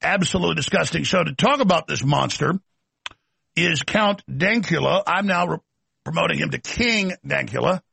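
Gravelly, ranting male talk host. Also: on the high side, animated, moderate pace, bright, forceful tone, dry recording. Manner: ranting, sarcastic. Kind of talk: opinionated monologue.

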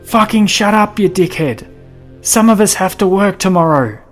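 Give me a man playing an irritable middle-aged neighbour bellowing from a window, pitched way up, with music underneath. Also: lively intonation, moderate pace. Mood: angry yelling. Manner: shouting, swearing, irritable.

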